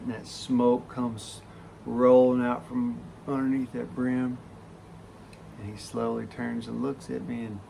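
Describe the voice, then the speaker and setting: A man telling a story from his working life in a casual, animated way, full of swearing. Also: mid-range voice, gravelly, background noise. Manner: profane, animated raconteur.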